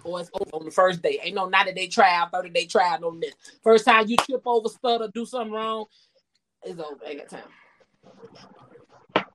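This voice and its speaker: A woman's voice: fairly low pitch, brisk, pauses often, background noise. A woman in her forties hosting a podcast, chatting casually, bluntly and profanely, and laughing often. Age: 40s. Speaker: podcast host.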